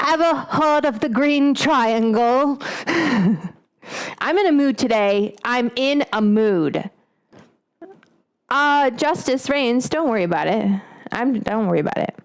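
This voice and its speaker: A woman in her late thirties with a high voice, chatting bluntly and casually on a cooking stream, rambling and swearing, with frequent laughs, on an omnidirectional mic. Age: late 30s. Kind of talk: casual livestream chat.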